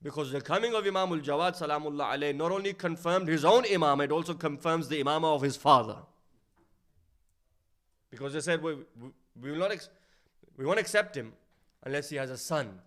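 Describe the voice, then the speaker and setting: A man giving a sermon, telling a story and dropping to a hushed voice for its sad lines, then rising louder to stress his points. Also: brisk. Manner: storytelling, drops to a low hushed voice for sad quotes. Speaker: speaker at an Islamic centre.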